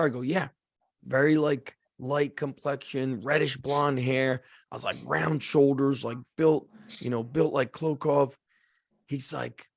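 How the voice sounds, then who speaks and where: A man hosting a podcast, telling a casual story with lots of "like" and acting out the shouted lines of the people in it. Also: mid-range voice, measured pace, gravelly, no room sound, studio quality. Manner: animated storyteller, acts out shouted quotes, frequent "like". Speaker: podcast host.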